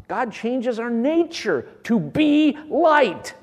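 A man preaching a sermon with great passion, swinging from loud bursts down to near whispers. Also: very high-pitched, big pitch swings, slow, few pauses, big-room sound.

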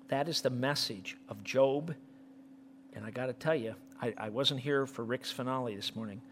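A middle-aged male pastor preaching an impassioned sermon, swinging from loud peaks to near-whispers. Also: mid-range voice, normal speed, slight background noise.

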